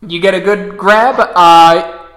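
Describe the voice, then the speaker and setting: A man acting as storyteller for a tabletop role-playing game, calling out dice rolls with relaxed "uh" pauses. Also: high voice, roomy sound, background noise.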